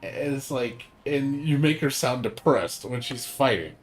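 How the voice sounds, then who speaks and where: A man's voice: medium pitch, lively intonation, a little slow. A young man chatting casually on a game livestream, rambling with lots of fillers, emphatic and swearing now and then. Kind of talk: casual gaming stream chat.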